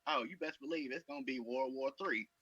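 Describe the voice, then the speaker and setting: Blunt laid-back guy, husky voice, dull lo-fi mic. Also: medium pitch, brisk, pushed and bright, no echo. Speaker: podcast panelist. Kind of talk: casual podcast chat.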